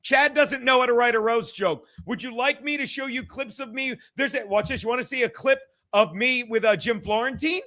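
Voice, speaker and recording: A man's voice: very high voice, fairly quick, hardly any pauses, sharp tone. A stand-up comedian, a man, giving a rambling, profane, combative rant as stream commentary.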